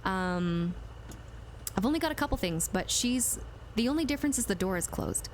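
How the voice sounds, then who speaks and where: Speaking at a normal speed in a mid-range voice with lively intonation, she chats casually and playfully while gaming live, replying to her chat. The setting is a home room with the door shut, captured on a compressed streaming mic, with slight background noise.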